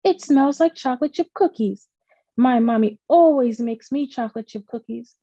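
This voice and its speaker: A woman voicing a frightened, tearful little girl who is lost, speaking in a high, pleading voice. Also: moderate pace, dark tone, no room sound, lo-fi sound.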